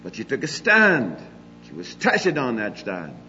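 An older man preaching a sermon, emphatic, moving between loud declarations and quiet asides. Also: mid-range voice, wildly swooping pitch, unhurried, in a large hall, muffled recording, over music.

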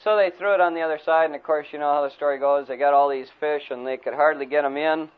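A man preaching a sermon who retells a story in a folksy, animated way. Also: fairly high pitch, quick pace, smooth. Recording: tinny phone-like recording.

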